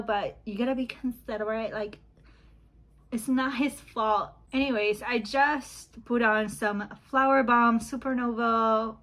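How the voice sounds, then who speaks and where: A woman's voice: medium pitch, a bit bright, rough recording. A woman in her thirties chatting casually at home as she does her makeup for a beauty vlog, rambling and laughing often, recorded on a phone camera. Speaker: YouTube beauty vlogger. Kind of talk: casual chat while doing makeup. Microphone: phone back camera.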